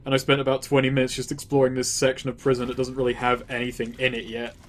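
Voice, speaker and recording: A man's voice: mid-range voice, completely flat delivery, quick pace, a little hiss or hum. A young man chatting casually about a video game, laid-back and swearing freely. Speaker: let's play co-commentator. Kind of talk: casual gaming commentary.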